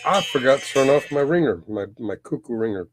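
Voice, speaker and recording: Halting middle-pitched male host. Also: expressive, dry recording, soft background music. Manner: halting, many ums and uhs. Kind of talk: casual banter.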